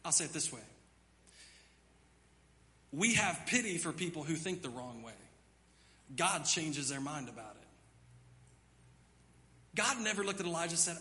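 A man with a high, bright voice preaches a sermon in a church sanctuary. He drops to a near hush, then rises to loud, emphatic passages, and a long hall reverb trails his words. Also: animated, a little slow, long pauses. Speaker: pastor.

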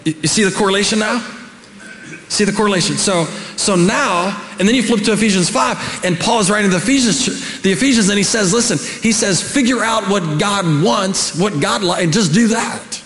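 A middle-aged man with a high voice preaches an animated sermon. He builds to shouts and drops in joking asides. The sound rings with long reverb through a church hall. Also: a little fast, a little hiss or hum. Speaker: pastor. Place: church sanctuary.

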